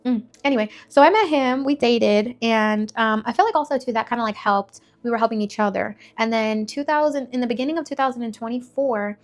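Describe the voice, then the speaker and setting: A woman's voice: on the high side, a little fast, hardly any pauses. A young woman telling her faith testimony in a candid, conversational way, blunt and full of filler words.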